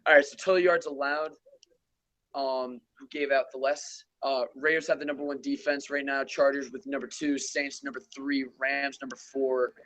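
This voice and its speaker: A young man hosts a casual podcast, listing football rankings in a loose, offhand way. He swears freely and comments as he goes. His voice sits at an ordinary middle pitch. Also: little pitch movement, moderate pace, fairly bright tone, no room sound, poor audio. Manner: loose, profane, reels off rankings and stats. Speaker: podcast host. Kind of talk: casual sports gaming chat.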